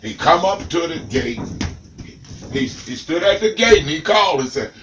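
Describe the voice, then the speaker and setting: A man telling a comic tale in an animated, dramatic way, talking straight to the listener. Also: fairly high pitch, normal speed, echoey room, recorded from a distance, low-quality recording. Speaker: storyteller.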